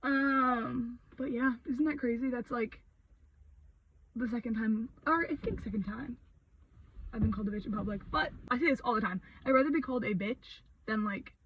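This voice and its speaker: A young woman vlogger ranting a story in a heated, sweary, expressive way, full of fillers. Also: on the high side, normal speed, far from the mic, muffled recording, a little hiss or hum.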